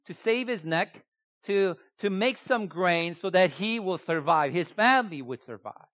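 A man's voice: sits high, lively intonation, measured pace, fairly bright tone, dry recording, clean studio sound. A man preaching a sermon, emphatic and repeating key phrases, often putting rhetorical questions to his listeners. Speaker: pastor.

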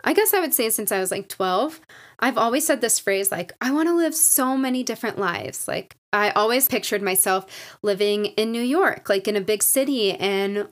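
A woman's voice: medium pitch, animated, normal speed. A young woman hosting her own podcast, chatting casually and rambling, with lots of "like" and "you guys" and self-deprecating asides. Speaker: podcast host. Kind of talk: casual solo podcast chat.

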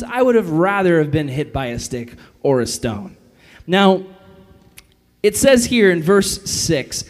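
A fairly high-voiced man giving a lively, casual youth sermon to a room of kids. He jokes and slips into silly voices to act out the people he quotes. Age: adult. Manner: animated, jokey, acts out quotes in funny voices. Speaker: youth pastor.

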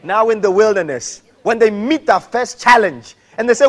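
A male pastor preaching a sermon, animated, rising to shouts and acting out the people he quotes. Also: very high voice, normal speed, hardly any pauses, a faint crowd.

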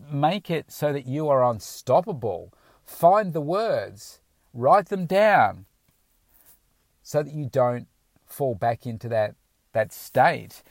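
A man coaching his listeners in an emphatic, motivational way, driving points home with repeated affirmations. His voice sits at an ordinary middle pitch. The recording is dry and close, with no room sound. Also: darkish tone, no room sound. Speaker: weight-loss coach. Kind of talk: motivational talk.

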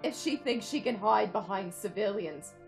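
A woman doing a snarling gruff brawler. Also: medium pitch, expressive, moderate pace, soft background music, natural voice. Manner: growling, loud, shouting.

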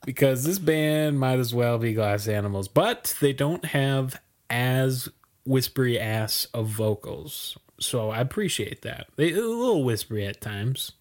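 A man's voice: mid-range voice, expressive, unhurried. Casual podcast co-host, man, 30s, mid-range voice, loose and rambling, video call. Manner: laid-back, rambling with fillers and laughs. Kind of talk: casual podcast chat about music.

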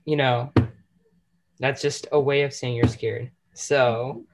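A man's voice: mid-range voice, fairly even intonation, takes it slowly, noisy background. A teenage boy hosting a casual chat, teasing his friends and laughing often. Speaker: podcast host.

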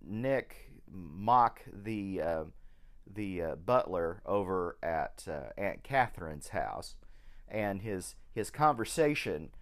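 Slow, hesitant man discussing a film. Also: deep voice, lively intonation. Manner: slow, hesitant, full of ums and restarts. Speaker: podcast co-host.

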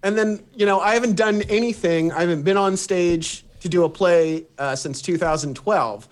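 A man's voice: high voice, moderate pace. A man co-hosting a podcast, talking hesitantly and putting himself down in casual chat. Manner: self-deprecating, hesitant. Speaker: podcast co-host.

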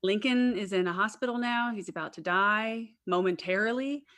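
A woman's voice: medium pitch, moderate pace, fairly bright tone. A woman co-hosting a podcast, chatting casually and retelling a history story with playful asides and easy laughs. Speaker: podcast co-host.

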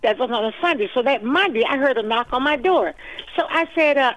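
An older woman chatting as an interview guest, telling lively stories and repeating her phrases. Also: high-pitched, fast talker, poor audio. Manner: lively storytelling, warm laughs, repeats phrases. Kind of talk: casual interview chat.

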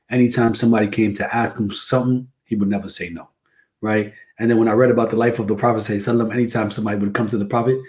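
Middle-aged male guest imam from New Jersey; low, relaxed storyteller who peppers in Arabic phrases. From New Jersey, USA. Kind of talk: casual interview talk.

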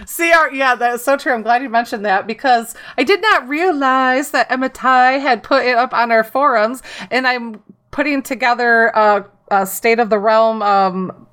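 Bright, higher-voiced woman host. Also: normal speed. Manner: playful, laughs often. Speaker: community podcast host. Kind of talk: casual group chat.

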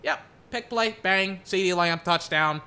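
A young man chatting about football while watching game clips, rambling and excitable, breaking into mock play-by-play calls. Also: high voice, a little slow, clear, resonant tone.

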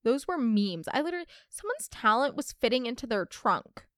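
On her laid-back storytime podcast, a young woman shares listener stories in a chatty, expressive way, speaking a little fast. Her voice is slightly high with lots of swooping pitch, captured in a close, dry recording.

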